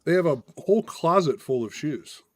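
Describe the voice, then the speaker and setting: A man's voice: fairly high pitch, expressive, moderate pace, dry recording. Easygoing male co-host, dry sound. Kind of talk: casual watch-party chat.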